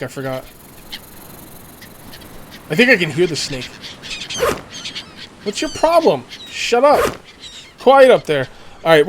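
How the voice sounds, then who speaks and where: A man's voice: a little high, a bit bright, a little hiss or hum. A man casually commenting while playing a survival game, thinking aloud and making jokey asides. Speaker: let's play gamer.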